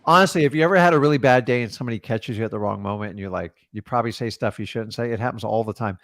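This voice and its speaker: Man, casual coaching talk, blunt and animated, average pitch, dry close sound. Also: no room sound. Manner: animated, blunt, acts out phone calls in quick voices. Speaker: real estate investor coaching a caller.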